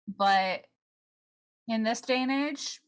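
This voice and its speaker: A woman's voice: fairly high pitch, slow, clean tone. A woman co-hosting a podcast, talking casually and giving her opinions. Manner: opinionated, conversational. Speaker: podcast co-host. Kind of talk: casual chat.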